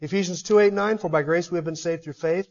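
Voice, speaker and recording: A man's voice: high-pitched, fairly even intonation, fast, a little mellow, muffled recording. A man preaching a sermon as a pastor, building emphatic lists and stressing key words.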